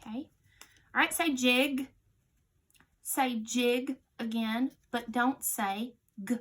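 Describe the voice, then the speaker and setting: Speaking at a slightly high pitch, a woman gives children slow, clear, patient phonics instructions. The answers come in a quieter voice.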